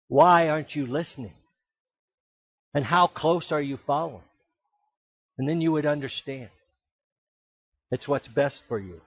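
Man, pastor, sermon, high voice, emphatic, rhetorical questions, dull muffled sound. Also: unhurried, long pauses, breathy edge, no room sound. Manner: emphatic preaching, with rhetorical questions and sudden loud exclamations.

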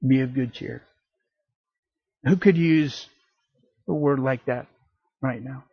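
A man preaching a sermon in an animated way, acting out little voices and jokey asides. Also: medium pitch, slow pace, creaky, pauses often, slightly rough, no echo, muffled recording.

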